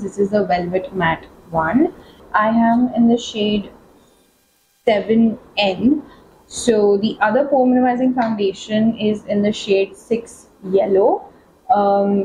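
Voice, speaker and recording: A woman's voice: mid-range voice, darkish tone, rough recording. Young woman chatting to her viewers through makeup, little bit of hiss. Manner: chatty, addresses viewers as "you guys". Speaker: beauty vlogger. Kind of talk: casual makeup tutorial chat.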